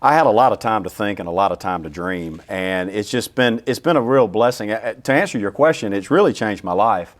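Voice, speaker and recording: A man with a Southern accent and a fairly low voice, talking as a guest in a casual interview. He stumbles and repeats words as he goes, and his tone stays humble and thankful. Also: animated, a little fast, few pauses. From Louisiana, United States. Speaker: orchestra CEO, interview guest.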